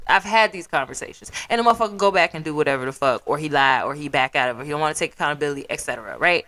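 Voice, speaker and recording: A woman's voice: sits low, rapid-fire, few pauses. A young woman from the South Side of Chicago with a Chicago accent, hosting her own podcast as a blunt, profane solo rant that slips into mimicked quotes. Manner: profane, blunt, animated storytelling with put-on quotes. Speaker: podcast host.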